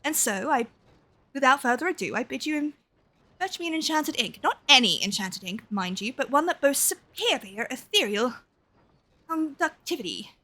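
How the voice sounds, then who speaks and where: Woman reading an eager nerdy young scholar dude, all proper and formal, high bright voice. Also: very animated, moderate pace, exaggerated voice. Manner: formal, old-fashioned phrasing. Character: excitable, tactless young male scholar.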